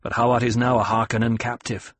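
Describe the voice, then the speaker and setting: Man doing a shrewd smuggler boss, a touch higher than his narration, husky and dry. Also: little pitch movement, a little fast, fairly bright tone, dry recording. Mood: guarded. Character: shrewd cautious male smuggler chief.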